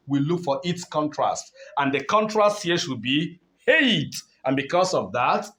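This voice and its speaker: A man teaching an online English lesson, stressing key words, repeating himself and putting questions to his learners. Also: a little high.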